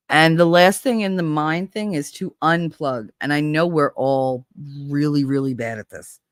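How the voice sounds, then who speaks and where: A nasal-sounding woman with a lowish voice hosts a casual stream, joking and chatting as she reads comments aloud. Her pitch swings widely from low to high, and the sound is dry and close with no room echo. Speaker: host. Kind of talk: casual livestream chat, reading comments.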